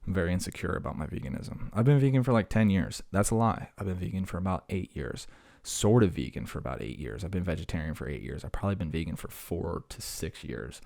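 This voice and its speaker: A man's voice: sits low, lively intonation, fast talker, gravelly, a little mellow. A young adult man hosting a podcast, chatting casually in a rambling, jokey, self-deprecating way with lots of fillers. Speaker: podcast host. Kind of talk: casual solo chat.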